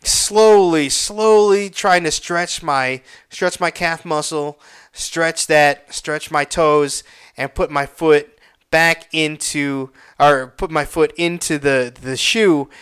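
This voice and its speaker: Young man, clear crisp voice, profane rambling storyteller. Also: fairly high pitch, fairly even intonation, slow, fairly bright tone. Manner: profane, rambling, reenacts his own pained outbursts. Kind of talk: casual personal story.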